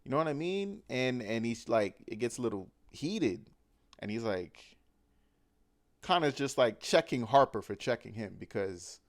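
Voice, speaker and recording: A man recapping a movie in loose, animated talk, stacking slang and fillers as he goes. His voice sits at an everyday middle pitch. The sound is dry and close, with little room around it. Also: measured pace, no room sound.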